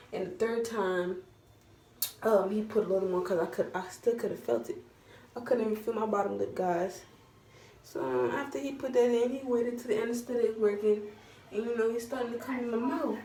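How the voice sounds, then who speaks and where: Animated young woman telling a story, roomy. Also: on the high side, normal speed. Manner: animated, dramatic retelling with slang. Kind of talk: casual storytime. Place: at home, doing her hair while talking. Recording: roomy echo from a distance, faint background hum.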